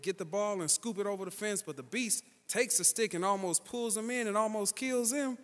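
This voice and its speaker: A man preaching a sermon, telling a story in an animated way and building louder and higher toward the peaks. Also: long reverb tail.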